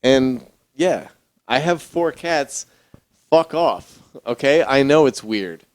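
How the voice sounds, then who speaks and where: Brash young man, lively swearing banter. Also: medium pitch, takes it slowly, dry recording. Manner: brash, profane, joking, says bro a lot. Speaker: podcast host. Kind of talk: drunk casual chat. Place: living room.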